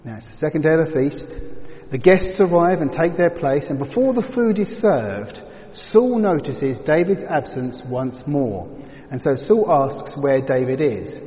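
A man teaching verse by verse through a Bible passage, reflective and explanatory, often dropping to a hushed tone for emphasis. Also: on the high side, lively intonation, a little slow. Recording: dull reverberant hall sound.

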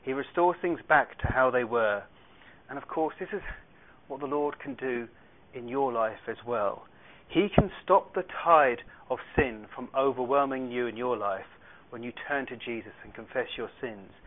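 A man teaches through a Bible passage, reading the verses aloud and then explaining them with the odd dry aside. His voice sits in an ordinary middle pitch. The sound is narrow and tinny, like a phone line or radio broadcast. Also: expressive, unhurried, a little hiss or hum. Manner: explanatory, reads scripture aloud, light asides.

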